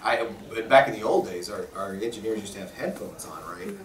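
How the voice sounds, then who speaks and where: A man, a voice actor, telling stories casually in a convention press interview, animated and often laughing. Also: lowish voice, brisk, slight background noise. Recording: roomy echo, mic at a distance.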